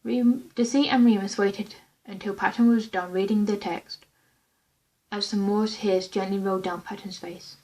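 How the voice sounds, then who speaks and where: Brief: woman of medium pitch reading her own fan script, plain and unpolished, stumbling now and then. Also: fairly even intonation, moderate pace, a little mellow, low-quality recording. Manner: plain unpolished reading with small slips and restarts.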